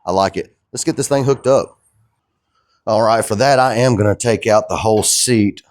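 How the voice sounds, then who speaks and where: A young man chatting casually in his shop vlog, laid-back and excited, tossing in "dude" and "man". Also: on the low side, moderate pace, dry recording, clean studio sound. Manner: laid-back and enthusiastic, drawling, calls viewers dude and man. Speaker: custom truck builder and vlogger.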